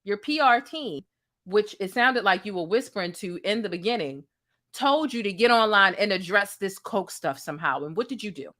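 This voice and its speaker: Sassy bright-voiced woman commentator. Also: mid-range voice, animated, normal speed. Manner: sassy, incredulous, talks straight to the viewer. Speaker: commentary host. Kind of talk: reaction commentary.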